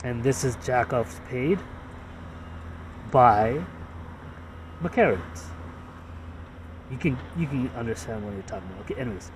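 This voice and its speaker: Slow, halting man, distant mic. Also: medium pitch, a little mellow, a little hiss or hum. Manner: halting, repetitive, full of fillers and restarts. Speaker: creator explaining his own ads. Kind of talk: casual rambling explanation.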